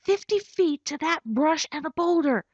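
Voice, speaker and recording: A woman's voice: high voice, animated, normal speed, no echo, voice pushed up. Cautious young boy, firm and urgent, voiced by a woman; dull lo-fi sound. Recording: dull lo-fi recording.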